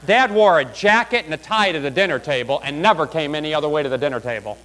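A preacher with a high, bright, ringing voice. He drives his points hard, then suddenly drops to a hush for asides before climbing again. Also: animated, fast, poor audio. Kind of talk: sermon.

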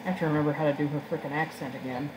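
A woman's voice: low voice, steady tone, racing, noisy background. A woman chatting casually and making joking asides while she plays a video game. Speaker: let's-play gamer. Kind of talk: casual gameplay commentary.

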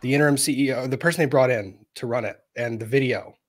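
A man at middle pitch hosts a casual interview. He retells stories in a loose, rambling way with plenty of filler and restarts. He often laughs his way through the telling. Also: quick pace, no room sound. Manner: chatty, rambling storyteller, laughs while telling. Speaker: interview host. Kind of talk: conversational interview.

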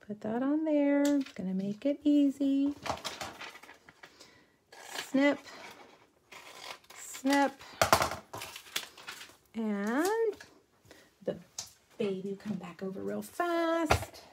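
A woman's voice: on the high side, a little mellow, slight background noise. A middle-aged woman from South Texas with a drawl, chatting casually and rambling as she hosts a crafting livestream and reads out viewer comments.

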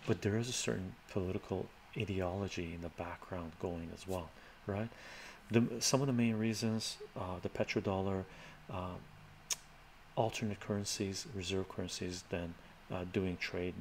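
A man with a very low voice hosts a loose live stream, reading viewer comments aloud and answering them in a rambling way. He talks into a laptop mic, and a faint fan hum runs underneath.

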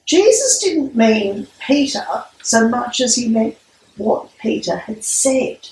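A woman priest giving a sermon with a measured, storytelling delivery. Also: a little high, big pitch swings, darkish tone, a little hiss or hum. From Australia. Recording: echoey room, mic at a distance.

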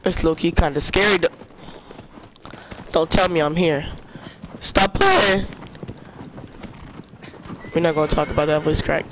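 A young man streaming a video game, chatting in slang and yelling at the game when things go wrong. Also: fairly high pitch, brisk, pauses often. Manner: excitable, trash-talking slang, yells at the game. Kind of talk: casual gaming commentary. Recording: noisy game sound underneath.

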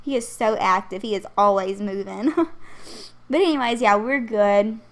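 Speaking a little slowly at medium pitch, the young pregnant woman chats her way through a game build voice-over on her channel. Her talk is rambling and full of laughter.

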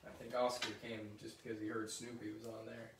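A man reading a children's picture book aloud, with lively, chatty asides between passages. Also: medium pitch, brisk, noisy background. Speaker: story reader. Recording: roomy echo, mic at a distance.

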